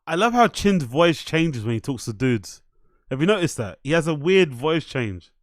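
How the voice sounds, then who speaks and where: A man's voice: a little high, sing-song, a little slow, long pauses, no room sound, studio quality. A man hosting a live stream, reacting casually, swearing freely and repeating himself between laughs.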